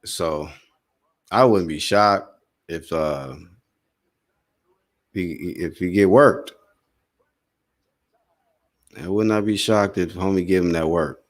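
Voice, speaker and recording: A man hosting a casual live boxing commentary stream, calling the punches in a slangy, excitable way and talking to his viewers. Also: low voice, slow pace, long pauses.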